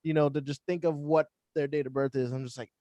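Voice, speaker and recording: A man's voice: on the high side, steady tone, quick pace, dark tone, no echo, highs cut off. A young man in a casual chat, telling rambling stories about his clinic job with many fillers and frequent laughter. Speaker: band member, vaccination clinic worker.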